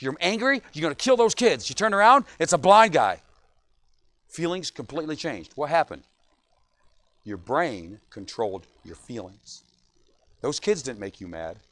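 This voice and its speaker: A man's voice: on the high side, a bit bright, dry recording. A middle-aged man, a pastor, preaching a sermon in a church, joking often and asking "right?" again and again.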